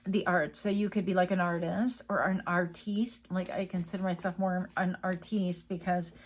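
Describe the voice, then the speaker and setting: A woman's voice: fairly low pitch, vocal fry. A woman giving a casual tarot reading, chatty and rambling, with many fillers and tangents. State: coughing, a bit choked up. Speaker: tarot reader.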